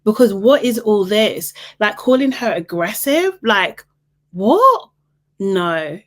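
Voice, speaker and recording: A woman hosting a casual reality TV recap, opinionated and exasperated, her voice leaping up high when she is incredulous. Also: animated, a little slow.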